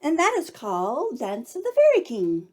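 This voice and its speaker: A woman co-hosting a show and telling folktales with a playful, drawn-out delivery. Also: high-pitched, huge pitch swings, heavy background noise. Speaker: storyteller and co-host. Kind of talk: folktale storytelling with banter. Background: guitar music.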